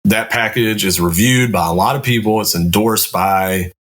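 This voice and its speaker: A man with a fairly low voice, a Navy command master chief on a podcast. He explains his points in a blunt, profane, step-by-step way, and the talk is relaxed and conversational. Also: moderate pace. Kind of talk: casual podcast chat.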